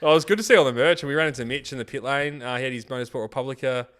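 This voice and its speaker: A man's voice: mid-range voice, racing, a bit bright, clear, resonant tone. A man with an Australian accent co-hosting a podcast in casual chat, chatty and upbeat. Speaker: podcast co-host.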